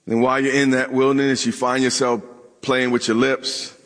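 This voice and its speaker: A male pastor preaching to a church congregation, mixing humor with pointed questions to the room. His voice sits at an ordinary pitch and rings with a long hall reverb. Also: flat delivery, fairly quick, a bit bright. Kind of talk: sermon.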